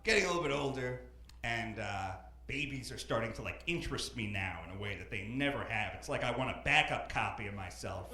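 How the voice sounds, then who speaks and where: A young man doing a stand-up comedy set on a club stage, rambling with deadpan asides and hesitant fillers. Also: mid-range voice, fairly quick, slight background noise. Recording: roomy club with live crowd.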